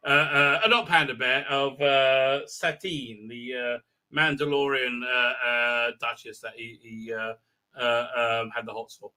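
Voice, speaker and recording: A man's voice: medium pitch, little pitch movement, unhurried, bright, forceful tone. A man hosting a live stream recap, talking crudely and rambling with many fillers and restarts. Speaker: live show host.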